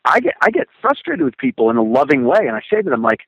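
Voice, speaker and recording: Animated man telling stories, dry sound. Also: medium pitch, fast, husky, dry recording, dull audio. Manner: animated storytelling with emphatic repetitions. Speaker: guest, motivational speaker. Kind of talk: casual conversation.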